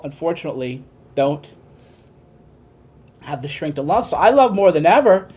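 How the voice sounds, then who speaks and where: A man hosting a podcast, giving an impassioned ranting monologue that swings from quiet musing to shouting. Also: high-pitched, slightly rough. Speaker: podcast host.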